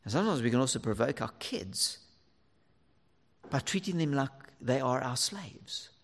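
A man preaching a sermon to fathers, earnest and lively, sometimes dropping almost to a whisper for emphasis. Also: medium pitch, normal speed, long reverb tail.

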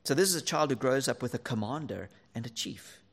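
A man preaching a sermon to fathers, earnest and lively, sometimes dropping almost to a whisper for emphasis. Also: mid-range voice, brisk, vocal fry, breathy edge, in a large hall.

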